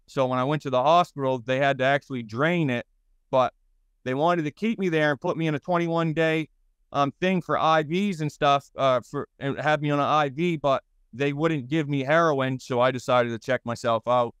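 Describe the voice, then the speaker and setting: A man's voice: a little high, a bit bright, clean tone, no echo. Blunt thirties man with a Boston accent. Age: 30s. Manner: blunt, rambling, profane, halting restarts. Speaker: guest. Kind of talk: interview storytelling.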